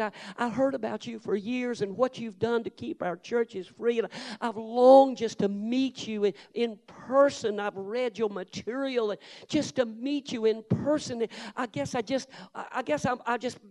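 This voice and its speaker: A man's voice: very high-pitched, steady tone, a little slow, a little mellow, pitched above the performer's own voice. A man voicing a flustered young woman in her twenties who stammers as she gushes, put on inside a sermon story. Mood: gushing, flustered. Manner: stammering and breathless.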